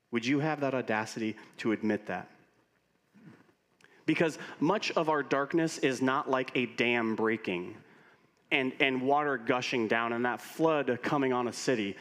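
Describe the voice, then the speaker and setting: A man preaching as a pastor, telling stories with humor in an animated way. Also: mid-range voice. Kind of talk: sermon. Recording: long reverb of a large hall.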